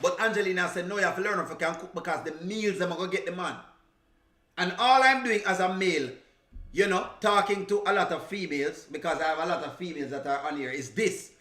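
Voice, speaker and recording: A man's voice: sits high, quick pace, pushed and bright, echoey room. Jamaican man chatting on a live stream. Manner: laughing, teasing, mixing in patois. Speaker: reaction streamer. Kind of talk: casual live-stream chat.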